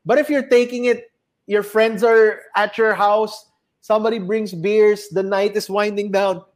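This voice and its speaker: A young Filipino man with a fairly high voice tells loose, meandering stories in a casual chat. He swears freely and keeps hopping between English and Tagalog. His tone is chatty and unpolished. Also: steady tone, measured pace.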